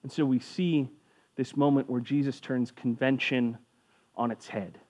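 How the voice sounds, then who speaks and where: A man's voice: mid-range voice, steady tone, measured pace, a little mellow. A man giving a casual sermon as a pastor, conversational and jokey, briefly acting out voices of people in the story.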